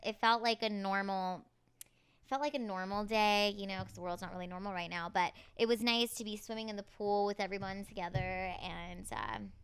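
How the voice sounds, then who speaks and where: A woman's voice: medium pitch, brisk, clean tone. A woman co-hosting a casual comedy chat show, bubbly and giggly. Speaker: co-host. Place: Los Angeles home.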